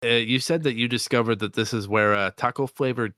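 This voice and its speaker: Crisp, bright-voiced man in casual chat. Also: mid-range voice, dry recording, clean studio sound. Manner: rambling, halting restarts, quick asides. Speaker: podcast co-host.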